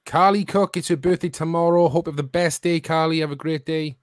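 Upbeat man reading shout-outs, dry sound. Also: fairly high pitch, steady tone, fairly quick, smooth, dry recording. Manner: upbeat, announcing. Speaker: podcast co-host.

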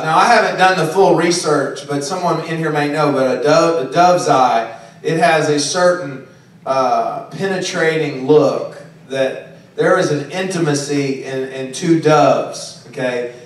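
High-voiced preacher in an echoey hall. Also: male voice, a little slow. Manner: conversational preaching with frequent "okay?" and "right?". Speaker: pastor. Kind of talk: sermon. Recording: very echoey, distant room recording.

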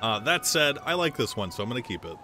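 A man's voice: medium pitch, expressive, quick pace, noisy background. A man livestreaming in casual chat, joking and swearing, laughing often as he talks.

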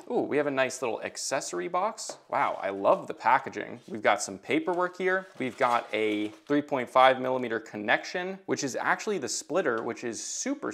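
A man's voice: mid-range voice, creaky. Enthusiastic male tech reviewer. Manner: enthusiastic, thinking aloud while handling the product. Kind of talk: unboxing and product review; scripted review narration.

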